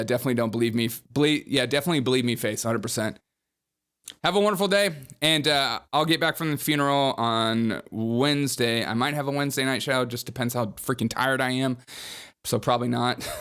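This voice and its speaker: A man's voice: mid-range voice, fairly bright tone, clear, resonant tone. Chatty podcast host man, often laughing. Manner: chatty, laughs between points, mocking. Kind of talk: opinionated casual commentary.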